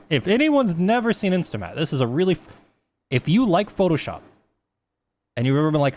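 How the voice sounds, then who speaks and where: A man's voice: on the high side, sing-song, fairly quick, pauses often, a little mellow. A young man casually walking through 3D texturing on a live stream, rambling, swearing freely and mocking himself. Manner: rambling, profane, self-mocking.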